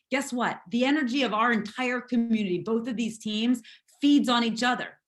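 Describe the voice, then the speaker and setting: A hoarse woman leading a motivational team call, emphatic and repetitive as she urges her team on. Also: on the high side, normal speed. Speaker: network marketing team leader.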